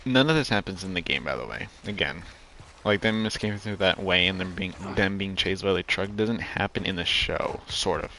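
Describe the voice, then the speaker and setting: Lower-voiced man rambling over a game. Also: lively intonation, moderate pace, bright, forceful tone, a little hiss or hum. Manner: rambling, restarts a lot. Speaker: gaming video host. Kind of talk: let's play commentary.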